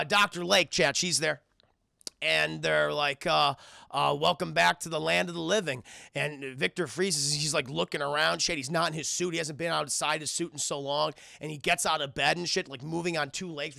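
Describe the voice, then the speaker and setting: Gravelly high-voiced man recapping for chat. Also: steady tone, moderate pace, sharp tone, dry recording, studio quality. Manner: rambling, profane, addresses chat. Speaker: cartoon reviewer. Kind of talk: live-stream episode recap.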